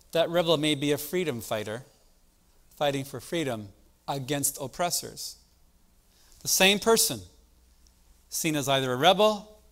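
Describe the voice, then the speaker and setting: A man giving a teaching talk at a church evangelism training, emphatic and asking the audience rhetorical questions. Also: fairly high pitch. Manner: emphatic, asks the audience questions, varies loudness a lot.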